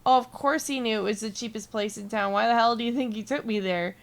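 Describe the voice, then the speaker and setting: Young female streamer, gravelly, slightly high voice, rambling and profane while she plays. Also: fast. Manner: rambling storytelling, swears freely, chats with viewers. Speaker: gaming streamer. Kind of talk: casual chat while gaming.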